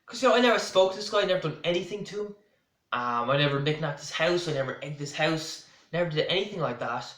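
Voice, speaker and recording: An Irish man tells a story to camera in a somewhat high voice, rambling and doubling back with asides as he goes. His words ring out in a noticeably echoey room. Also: animated, fast, fairly bright tone. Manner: rambling, full of restarts and asides. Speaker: vlogger. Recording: roomy echo.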